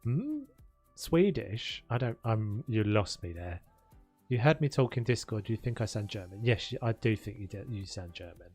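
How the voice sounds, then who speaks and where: A young South London man rambles through relaxed stream chat, with a low voice and a habit of laughing and restarting his sentences. Quiet music plays faintly underneath. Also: normal speed. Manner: chatty, laughs often, trails off and restarts. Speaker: game streamer. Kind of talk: casual live-stream chat. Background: faint background music.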